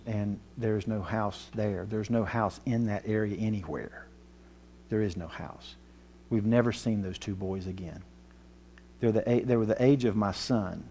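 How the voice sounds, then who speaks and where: A man telling a personal story in a sermon, earnest and emotional, his voice dropping low at the tense moments. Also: mellow, a little hiss or hum. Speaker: Bible teacher.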